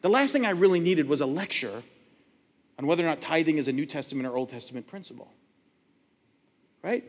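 A middle-aged male pastor preaching a sermon, telling stories and acting out loud quoted voices. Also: fairly high pitch, brisk, pauses often, slightly rough. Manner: animated storytelling, acts out loud quoted voices. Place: church sanctuary. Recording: long hall reverb.

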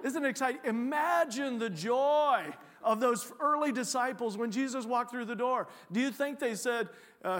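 A man giving a sermon as a guest preacher in a church, joking and animated, often restarting his sentences. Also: sits high, normal speed, few pauses, big-room sound. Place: church sanctuary.

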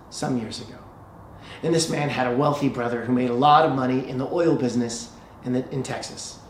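A male pastor preaching a sermon, telling a story and slowing down for emphasis. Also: medium pitch, slight background noise. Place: church sanctuary. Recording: echoey church hall, faint ambience.

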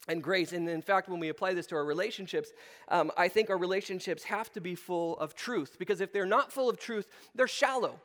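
High-voiced man preaching in a reverberant hall. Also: brisk, fairly bright tone. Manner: conversational, plays short voices in quotes, asks the room. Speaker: pastor. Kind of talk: sermon.

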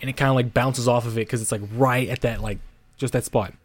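A man's voice: mid-range voice, fairly even intonation, fast, no echo. Rambling young man telling a story. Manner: rambling, heavy swearing, many restarts and "like" fillers. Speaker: podcast co-host. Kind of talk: casual storytelling.

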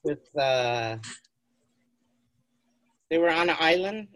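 A woman's voice: deep voice, expressive, slow pace. A woman co-hosting a podcast in casual chat, making short wry, self-mocking remarks. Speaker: podcast co-host.

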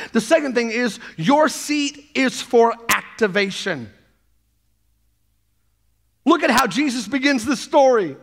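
A man preaching an energetic sermon to a congregation, often acting out playful quoted voices. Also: very high voice, gravelly. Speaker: pastor.

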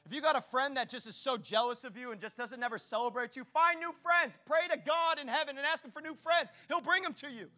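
A man preaching a sermon to his congregation, energetic and direct, with casual slang mixed into his preaching. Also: extremely high pitch, brisk, hardly any pauses, soft background music. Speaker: pastor.

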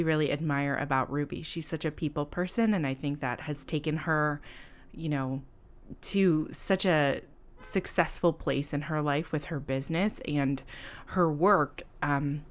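Gushing, low-pitched woman hosting a podcast. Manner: gushing, enthusiastic, lots of fillers. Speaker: podcast host. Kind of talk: casual podcast interview.

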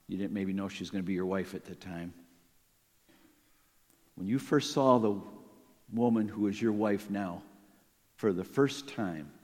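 A man preaching a sermon as pastor, emphatic and animated, acting out quoted lines. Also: on the low side, long reverb tail.

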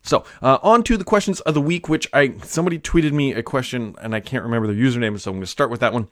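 A man's voice: mid-range voice, fast, fairly bright tone, no echo, clean studio sound. A man hosting a casual solo tech news show, chatty and offhand, with frequent fillers and asides.

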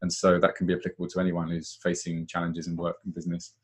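A man co-hosting a live webinar, talking in a reflective, low-key way in a casual discussion. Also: completely flat delivery, quick pace, husky.

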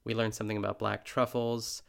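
Gravelly-voiced man hosting a chatty podcast. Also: on the low side, level tone, a little fast. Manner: chatty, heavy use of filler words; laughs often while talking. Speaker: podcast host. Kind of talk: casual podcast recap.

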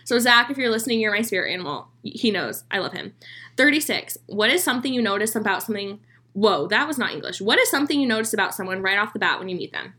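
A woman's voice: medium pitch, lively intonation, fast, bright, forceful tone. A young woman co-hosting a chatty podcast, reading out questions and answering with lots of giggles and fillers. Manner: bubbly, giggly, reads questions aloud. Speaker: podcast co-host. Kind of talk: casual chat.

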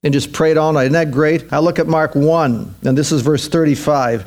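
Male pastor, emphatic sermon delivery, slightly high pitch. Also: fairly even intonation, normal speed, hardly any pauses, darkish tone. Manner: emphatic, repetitive preaching.

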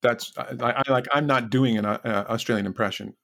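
A male podcast host with a gravelly, creaky voice of middling pitch. He talks casually and hesitantly, leaning on fillers as he steers the interview. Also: fairly even intonation, a little fast, fairly bright tone.

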